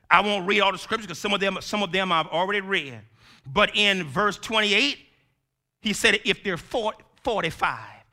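A male preacher giving a sermon in call-and-response style, swinging from shouts to hushed tones. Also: high-pitched.

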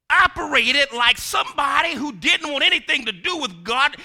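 A man preaching a sermon, drawing phrases out slowly, then shouting at the peaks and laughing at his own asides. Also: very high-pitched. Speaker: pastor.

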